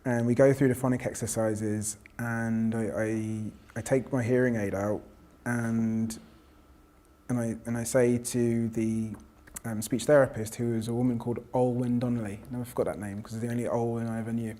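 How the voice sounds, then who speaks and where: Professor, reflective storyteller, mid-pitched, restarts a lot. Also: male voice, flat delivery, moderate pace, warm tone. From South London. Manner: reflective, with frequent restarts and quoted voices. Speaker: professor and panel guest. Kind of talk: personal storytelling in conversation.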